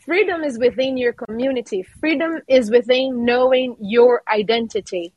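A woman's voice: a little high, normal speed, a little mellow, no echo, lo-fi sound. A woman from Brazil with a Brazilian accent, speaking as a guest in a casual podcast interview, passionate and emphatic, restarting her phrases often. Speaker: guest, artist and actor.

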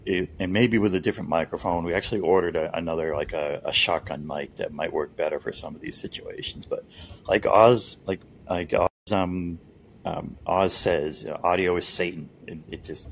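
A man's voice: low-pitched, moderate pace, gravelly, slight background noise. A man co-hosting a podcast, chatting casually and telling a story with laughs and restarts. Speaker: podcast co-host. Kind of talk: casual chat.

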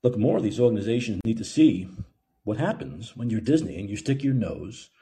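A man's voice: lowish voice, expressive, fairly quick, dark tone, slight background noise. Heated, profane male call-in host. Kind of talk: opinion rant.

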